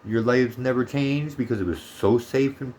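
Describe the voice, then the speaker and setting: A man's voice: medium pitch, normal speed, a little mellow, slight background noise. A heated, profane man ranting. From Canada. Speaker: vlogger. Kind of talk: ranting monologue vlog.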